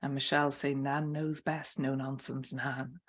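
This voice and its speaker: A woman hosting an online summit, softly affirming and reading out viewers' comments. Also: very deep voice, little pitch movement, a little slow, slightly rough. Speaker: summit host.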